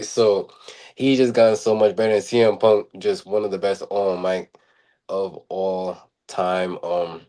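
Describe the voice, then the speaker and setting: A man with a lowish voice talks casually on a podcast. He rambles, stacks up fillers and repeats himself as he works toward his point. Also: mellow. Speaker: podcast co-host. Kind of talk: casual chat.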